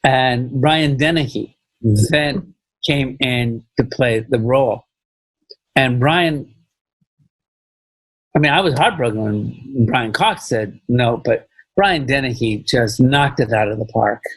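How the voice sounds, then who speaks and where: A man's voice: mid-range voice, slow pace, a bit bright, breathy edge, dry recording, low-quality recording. A man talking as a film director in a casual podcast interview, rambling and repeating phrases with many "you know"s.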